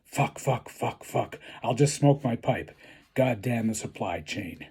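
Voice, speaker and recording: A worn-out, foul-mouthed old Santa, as a man puts him on, grumbling low through dark, mellow tones. His voice is husky and a little breathy, tired of the whole business. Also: animated, measured pace, exaggerated voice. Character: weary grumpy old male Santa, swearing.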